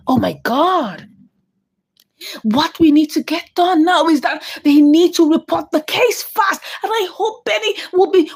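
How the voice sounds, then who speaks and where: A woman's voice: extremely high pitch, fairly bright tone. A woman recapping a movie scene by scene, reacting with dramatic exclamations. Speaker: movie reviewer.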